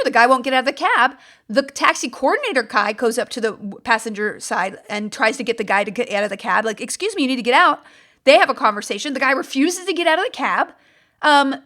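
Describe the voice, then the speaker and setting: Chatty podcast lady, swoops up and down a lot, lots of ums and restarts. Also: sits high. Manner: animated, chatty, with many fillers and restarts. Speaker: podcast host. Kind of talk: casual storytelling monologue.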